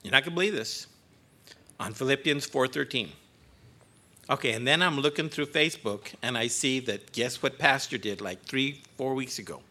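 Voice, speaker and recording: Opening his sermon in a church sanctuary, a guest preacher in his sixties is choked up yet self-mocking and joking. He talks at a normal speed in a mid-range voice that sounds bright and forceful.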